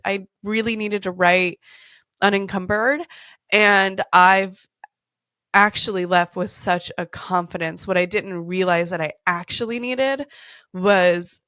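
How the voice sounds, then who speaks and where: A woman's voice: mid-range voice, fairly bright tone, no room sound, studio quality. A woman podcast host in her thirties, telling stories in a candid, casual way, swearing freely and laughing often. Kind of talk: casual storytelling chat.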